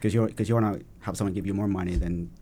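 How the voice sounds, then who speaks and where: A young man in a casual podcast chat, relaxed and full of fillers and small laughs. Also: sits low, rapid-fire, a little hiss or hum. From Vietnamese family in the US. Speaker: podcast guest.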